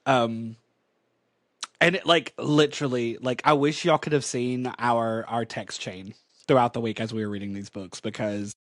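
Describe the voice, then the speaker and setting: A man's voice: medium pitch, steady tone, moderate pace, dry recording, clean studio sound. A man co-hosting a podcast, giving a chatty, emphatic comic book recap full of "like". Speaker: podcast co-host.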